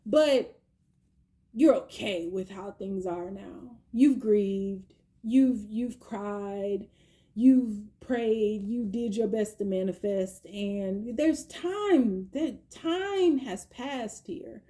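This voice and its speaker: A woman giving a chatty tarot reading, slangy and playful, with quick asides. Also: medium pitch, warm tone. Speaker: tarot reader. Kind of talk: casual tarot reading monologue.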